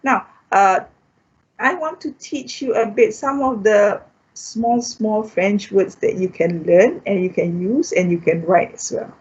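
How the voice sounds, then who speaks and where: A woman's voice: medium pitch, unhurried, a little mellow, breathy edge. A Malaysian woman teaching a live online French lesson. She repeats each word and keeps checking in with "okay?", and now and then slips into Malay. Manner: drills words by repeating them, checks in with "okay?". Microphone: streamed live online. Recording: dull lo-fi stream audio.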